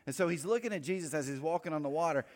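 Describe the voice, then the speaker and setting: A man preaching a sermon in a conversational way, with quick asides and light humor. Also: fairly high pitch. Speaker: pastor. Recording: long hall reverb.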